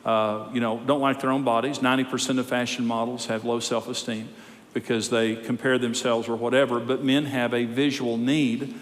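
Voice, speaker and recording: A man's voice: mid-range voice, flat delivery, moderate pace. Emphatic man teaching in a reverberant hall. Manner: emphatic, wry, builds to loud exhortation. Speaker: marriage counselor and seminar speaker. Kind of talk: live seminar teaching. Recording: long reverb of a large hall.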